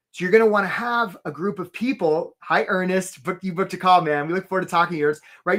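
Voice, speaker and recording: A man leads a live online career workshop and speaks in a fairly high, bright-sounding voice. He is animated and chatty, calls out attendees by name, and slips into quick playful voices to act out his points. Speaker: career coach hosting a live webinar. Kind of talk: energetic webinar presentation.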